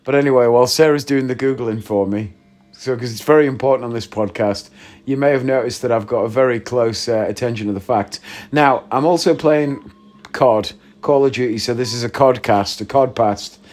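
A podcast host with a mid-range, darkish voice chats and jokes at a normal pace while playing a video game at home. He rambles and gets easily sidetracked, with soft music playing in the background.

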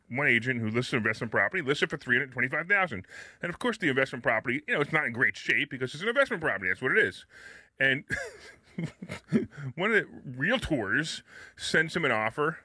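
Man, radio co-host, casual storytelling, fast, bright voice. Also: medium pitch, dry recording. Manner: storytelling, animated, fast, laughs often. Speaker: radio show co-host and broker.

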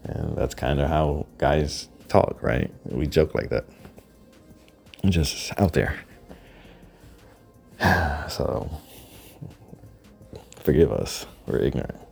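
A man delivering a profane, rambling monologue as a podcast host, often dropping into hushed, breathy asides. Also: rumbling low, slow, long pauses, soft background music.

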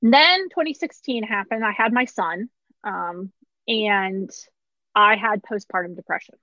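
A woman's voice: medium pitch, measured pace, bright, forceful tone, no room sound, muffled recording. Candid woman telling her own story. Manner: candid, laughs through hard moments. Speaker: pharmacist. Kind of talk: personal storytelling talk.

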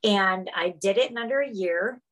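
A middle-aged woman telling her life story as a podcast guest, speaking over a video call. Her voice sits in an ordinary middle pitch, and she talks with lively energy, laughing often and acting out the things people said to her. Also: normal speed, rough recording. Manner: animated, laughs often, acts out quotes. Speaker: podcast guest, fitness instructor. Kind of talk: casual interview storytelling.

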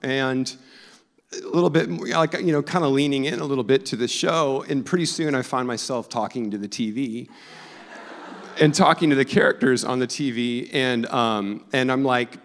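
A man in his forties preaches a loose, chatty sermon. His pitch sits in a middle range for a man, and he keeps poking fun at himself. The sound carries the long reverb of a church hall. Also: moderate pace, a bit bright, slight background noise. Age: 40s. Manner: joking, self-deprecating and chatty. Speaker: pastor. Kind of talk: conversational sermon. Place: church sanctuary.

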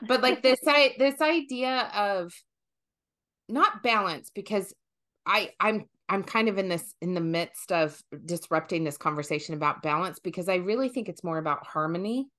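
A woman hosting a conversational podcast, talking in an animated way and thinking aloud with fillers and restarts. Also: mid-range voice, normal speed. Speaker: podcast host.

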